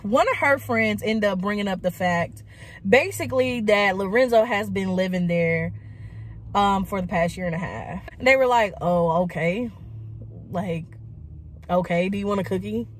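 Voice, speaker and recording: Brief: woman vlogger, casual storytime, rambling and chatty, middle pitch. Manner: chatty, many likes and quoted asides.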